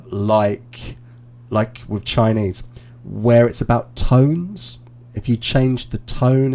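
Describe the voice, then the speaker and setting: A male English teacher giving relaxed, encouraging feedback on a mock speaking test over a live stream, with frequent fillers and restarts. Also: on the low side, creaky. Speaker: IELTS teacher and examiner.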